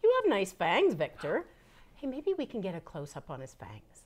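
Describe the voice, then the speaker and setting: A woman teacher hosting a children's educational show, asking a puppet guest playful questions in an animated way. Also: medium pitch, moderate pace, breathy edge. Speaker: teacher and host.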